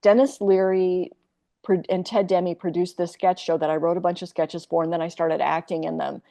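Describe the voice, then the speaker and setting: A woman's voice: fairly low pitch, fairly even intonation, normal speed, vocal fry, mellow. A woman in her sixties, a podcast guest telling a candid personal story in a rambling, profane way, full of fillers and restarts.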